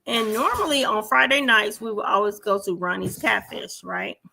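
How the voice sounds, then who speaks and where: A woman's voice: mid-range voice, expressive, moderate pace, gravelly, pushed and bright, husky. A woman in her forties, a podcast co-host, telling stories animatedly and swearing freely as she acts out the dialogue. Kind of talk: casual storytelling chat.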